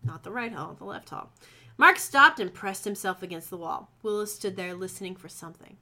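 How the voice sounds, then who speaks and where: A woman reads fan fiction aloud with friends in a bright, sharp voice. She keeps breaking off to joke and laugh between the lines. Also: mid-range voice, brisk. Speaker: reader.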